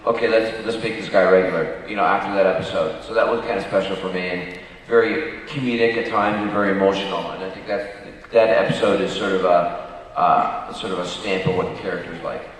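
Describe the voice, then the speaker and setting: Low-voiced man in an echoey hall. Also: steady tone, brisk, far from the mic, slight background noise. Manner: rambling with many fillers and laughs. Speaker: actor on a fan convention panel. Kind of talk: casual panel anecdotes. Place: large convention hall.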